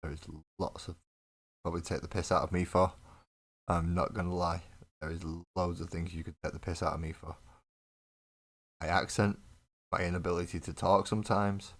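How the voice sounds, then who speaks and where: Low-voiced man, rambling banter. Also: level tone, moderate pace, long pauses, fairly bright tone. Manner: rambling, joking, self-deprecating banter with chat. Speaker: miniature painting streamer. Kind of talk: casual live-stream chat while painting. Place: home painting desk. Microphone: desk mic on live webcam stream.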